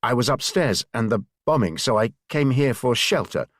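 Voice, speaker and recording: A man's voice: medium pitch, lively intonation, normal speed, no echo, clean studio sound, pitched above the performer's own voice, natural voice. A man voicing a young male spy who nervously pleads and apologizes. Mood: pleading.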